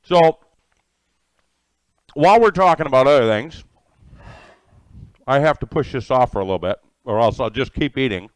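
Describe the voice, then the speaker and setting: A man's voice: mid-range voice, lively intonation, normal speed, long pauses, dry recording. A middle-aged man hosting a live cooking stream from his home kitchen, eating as he talks and greeting viewers by name. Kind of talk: casual live-stream chat while eating.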